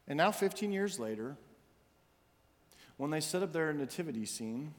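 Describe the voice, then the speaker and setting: A man, the senior minister, preaching a sermon in a church sanctuary and telling a story with animated quoted voices. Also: on the high side, moderate pace. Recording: long hall reverb, faint music.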